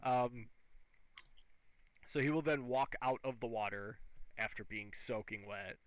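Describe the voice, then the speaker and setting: A man running a tabletop game as game master, describing the action in lively, vivid narration. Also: mid-range voice, a little slow, clean tone, low-quality recording.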